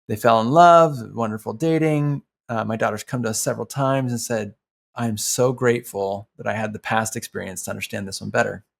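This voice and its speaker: A middle-aged man co-hosting a podcast, telling a family story in an earnest, reflective way and slowing down to stress his points. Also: lowish voice, vocal fry. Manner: earnest, reflective, slows down for emphasis. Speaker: podcast co-host. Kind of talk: heartfelt conversational storytelling.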